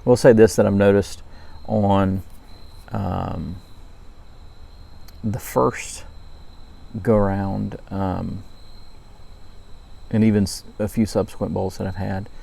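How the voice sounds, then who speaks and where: A man from Louisiana casually reviewing pipe tobacco, relaxed and rambling with frequent ums. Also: on the low side, slow pace, vocal fry, pauses often. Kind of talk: casual night-time review vlog.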